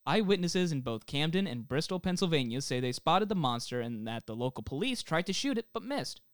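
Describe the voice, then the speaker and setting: A young man reads researched notes aloud as a podcast co-host, steady and then cracking jokes. His voice sits on the higher side and is smooth and clean. The recording is dry and close. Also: brisk, no room sound. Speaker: podcast co-host presenting the story. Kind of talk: reading researched notes with banter. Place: home, self-isolating.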